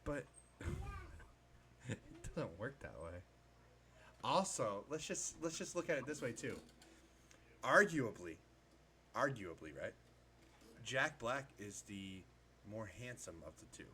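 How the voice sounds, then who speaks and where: Guy hosting a stream, bright sharp voice, goes off all animated and fake angry, swears a lot. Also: medium pitch, slow, long pauses, slight background noise. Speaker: stream host. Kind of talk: casual chat.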